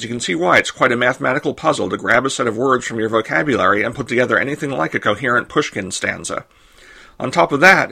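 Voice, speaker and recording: A man hosting a podcast, reading a scripted explanation in a clear, measured way. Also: mid-range voice, sharp tone. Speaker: podcast host. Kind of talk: scripted narration.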